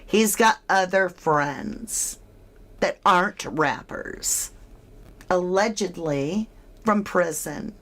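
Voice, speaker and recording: Slow, low-voiced true crime commentator woman. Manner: animated, speculative, asks the listener questions. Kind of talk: casual speculative commentary.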